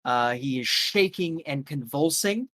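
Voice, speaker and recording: A man's voice: a little high, expressive, measured pace, fairly bright tone, no echo, clean studio sound. A man serving as game master, narrating a horror scene in a loose style full of fillers.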